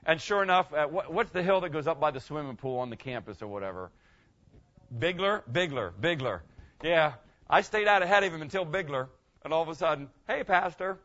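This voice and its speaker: An older male pastor gives a loose, conversational sermon. He rambles in a folksy way and keeps checking in with "okay?". His voice sits a little high, and the recording sounds dull and muffled. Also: lively intonation, a little fast, fairly bright tone.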